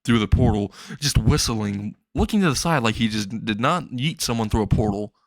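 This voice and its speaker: A man's voice: medium pitch, moderate pace, dry recording. Rambling man telling a fan story. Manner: rambling, excitable, swears freely, briefly voices characters. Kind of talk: casual improvised fan-fiction narration.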